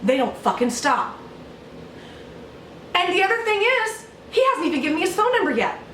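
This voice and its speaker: A woman's voice: extremely high pitch, very animated, moderate pace, a bit bright, roomy sound, far from the mic, a little hiss or hum. A woman YouTuber doing a sarcastic, mock-outraged vlog rant, full of swearing, recorded at home. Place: home room.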